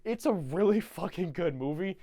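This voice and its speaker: A man rambling excitedly through a film recap from memory, swearing casually as he goes. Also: sits high, normal speed. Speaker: channel host.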